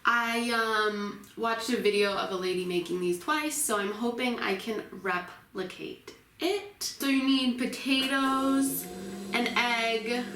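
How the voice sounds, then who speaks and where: A woman's voice: a little high, slow pace, fairly bright tone, echoey room, distant mic, slight background noise. A woman hosting her own cooking vlog, chatting casually and unsure of herself as she cooks in a home kitchen. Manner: chatty, unsure, self-deprecating while working. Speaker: cooking vlogger.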